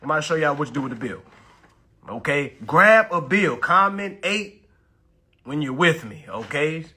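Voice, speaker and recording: A man hosting a livestream class, hyping his viewers, repeating phrases and urging them to comment, then slowing to hushed, deliberate talk for key points. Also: on the high side, expressive, husky. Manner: drops to slow, hushed talk when stressing points. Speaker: live-stream host teaching about bills. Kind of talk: hyped social-media livestream class.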